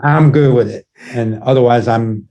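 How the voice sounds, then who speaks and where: A man sits in as a guest musician, talking in a casual, laid-back way. His voice is mellow and warm, his stories wander with frequent restarts, and he swears freely as he goes. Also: mid-range voice, normal speed, dull audio. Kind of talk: casual interview chat.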